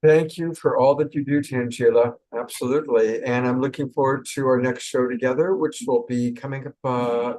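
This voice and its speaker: A man hosting his live-stream show, talking casually and answering in a warm, affirming way. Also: medium pitch, steady tone, moderate pace, hardly any pauses, low-quality recording. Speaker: show host.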